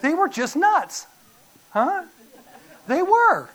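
Animated folksy middle-aged preacher man. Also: extremely high pitch, takes it slowly. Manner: animated, folksy storytelling with sudden loud bursts and quiet drops. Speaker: pastor. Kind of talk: sermon.

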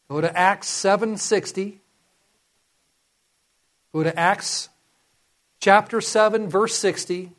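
A man's voice: high voice, fairly even intonation, a little slow, pauses often, a bit bright. A man preaching a sermon, reading scripture and earnestly urging his listeners.

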